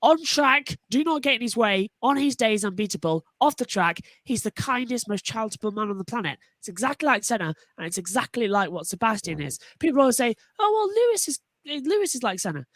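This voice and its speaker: A woman's voice: fairly high pitch, expressive, fairly quick, hardly any pauses, no room sound. A woman on a motorsport panel talking enthusiastically and animatedly, often restarting her sentences. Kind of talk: casual panel discussion.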